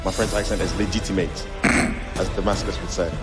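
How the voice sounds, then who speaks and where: A man doing excited, bantering esports commentary. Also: sits low, normal speed, loud music behind the voice.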